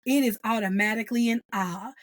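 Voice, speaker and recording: Brief: woman, podcast host, high voice, animated casual review chat, dry close sound. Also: brisk, no echo. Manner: animated, laughing, acts out quotes.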